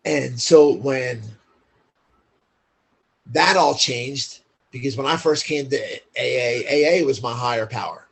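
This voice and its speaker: A man's voice: medium pitch, slow, creaky, long pauses, fairly bright tone, breathy edge. A man as a podcast guest, telling his story in a candid, blunt, profane way, full of "like" fillers.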